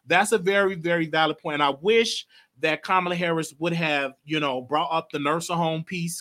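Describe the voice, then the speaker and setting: A man's voice: on the high side, bright, forceful tone. A man hosting a live stream, giving casual, emphatic political commentary and swearing now and then.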